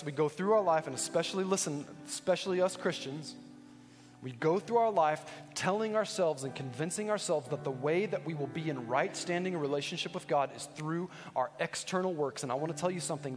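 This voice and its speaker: A man with a high, bright preaching voice delivers an emphatic sermon, hammering his points home through repetition. The sound is long and reverberant, as if filling a church sanctuary, with faint music underneath. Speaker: pastor.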